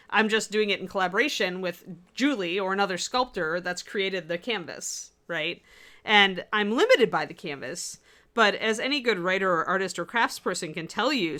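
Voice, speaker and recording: This woman's medium-pitched voice sounds pushed and bright. Co-hosting a miniature painting livestream, she reads out viewers' comments and responds in a chatty, rambling style packed with fillers.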